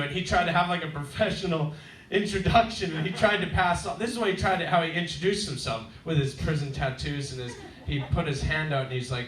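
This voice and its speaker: A man's voice: fairly high pitch, a little fast, background noise. Guy doing standup, wry storytelling, echoey club room. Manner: wry storytelling, acts out neighbours in raised voices. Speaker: stand-up comedian. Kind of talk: stand-up comedy set. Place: comedy club stage. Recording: roomy club sound, heard from a distance.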